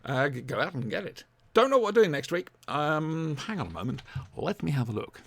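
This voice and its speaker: A man's voice: a little high, a little fast, vocal fry. A man hosting a casual podcast, rambling with lots of ums as he reviews audio dramas. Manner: rambling, animated, many ums. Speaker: podcast host.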